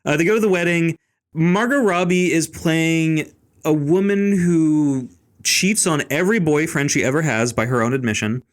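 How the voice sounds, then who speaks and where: A man's voice: fairly high pitch, moderate pace. A man hosting a casual podcast, bluntly ranting about a film with profanity and mocking impressions. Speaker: podcast host.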